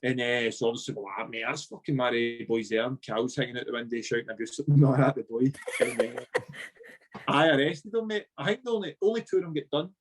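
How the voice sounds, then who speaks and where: A man's voice: medium pitch, a little fast, slight background noise. Scottish man telling a wild story. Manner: animated, swearing, acts out dialogue. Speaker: guest, former footballer. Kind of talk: casual storytelling.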